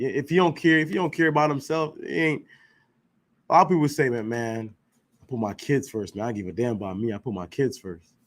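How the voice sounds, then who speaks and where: A man teaching an informal scripture class, emphatic and slangy, firing rhetorical questions and checking in with his listeners. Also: on the high side. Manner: emphatic, rhetorical questions, slangy, keeps asking "you know what I'm saying".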